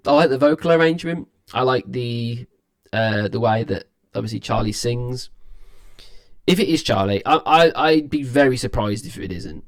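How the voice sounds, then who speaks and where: Young male reaction host, weary, rambling casual commentary. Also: mid-range voice. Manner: rambling, restarts often, chatty. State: tired, yawning.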